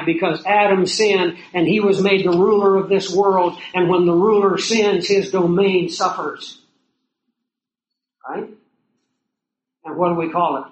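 A man preaching a sermon in a conversational way, asking his listeners rhetorical questions. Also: high-pitched. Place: outdoors or lodge near hills and prairie. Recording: roomy echo, faint noise.

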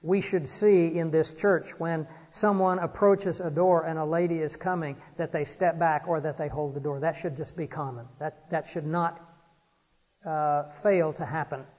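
A man preaching an earnest, exhorting sermon from a church pulpit, often pausing on "uh". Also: on the high side, fairly even intonation, darkish tone. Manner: earnest, exhorting, frequent "uh" fillers. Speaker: pastor. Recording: dull recording in a reverberant church hall.

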